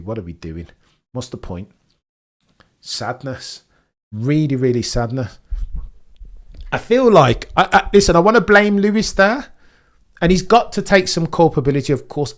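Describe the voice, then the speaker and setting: A young British man commentating a live race session for a stream, reacting to chat and swinging between loud excitement and deflated muttering. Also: lowish voice. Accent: British English. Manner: reads and answers chat. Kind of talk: live watch-along commentary.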